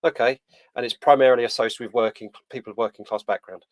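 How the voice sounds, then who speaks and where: A man's voice: mid-range voice, steady tone, fast talker, dry recording. A man hosting a podcast interview in a casual, rambling way with lots of fillers and restarts. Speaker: podcast host.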